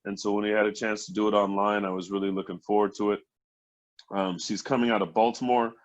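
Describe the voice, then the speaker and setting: A man's voice: fairly low pitch, flat delivery, quick pace. Male host for a comedy showcase; upbeat, hyped intros, muffled stream audio. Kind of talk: hosting and introducing comics.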